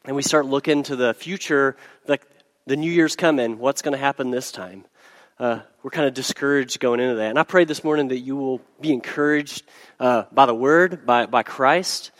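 A man preaching a sermon as pastor, hoarse from a cold, talking conversationally with fillers and restarts. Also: medium pitch, moderate pace, long reverb tail. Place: church hall.

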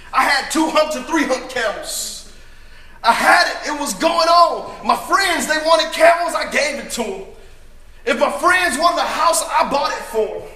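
A man performing a dramatic first-person monologue as a brash, boastful young prodigal son, emphatic and often shouting. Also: very high-pitched, reverberant, slight background noise, exaggerated voice.

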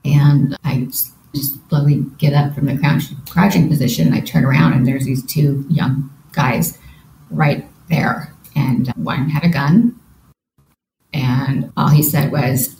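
A woman's voice: deep voice, a little slow, vocal fry, a little mellow. A woman guest in a podcast interview, earnestly retelling a personal experience and voicing her own thoughts along the way. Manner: earnest, vivid retelling with quoted inner thoughts. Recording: roomy echo with faint background noise.

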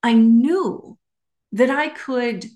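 A woman's voice: fairly high pitch, drawn-out words, warm tone, muffled recording. A woman hosting a solo podcast, talking in a candid, emphatic way and swearing casually. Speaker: podcast host.

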